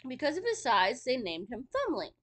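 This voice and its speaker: A woman's voice: high voice, huge pitch swings, normal speed. A woman casually reading a fairy tale aloud, with chatty asides. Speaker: storyteller.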